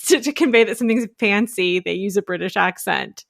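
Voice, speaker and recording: A woman hosts a podcast interview, probing her guest with curious follow-up questions. Her voice sits at a middle pitch and sounds close and dry, with no room around it. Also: brisk, creaky, no echo. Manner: inquisitive, asks follow-up questions. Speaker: podcast host.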